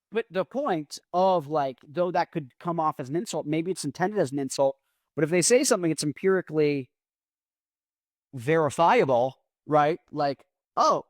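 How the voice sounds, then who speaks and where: A man's voice: fairly high pitch, no room sound, clean studio sound. A man hosting a podcast, talking alone in a casual, rambling way and often correcting himself as he thinks aloud. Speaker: podcast host. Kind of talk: casual solo monologue.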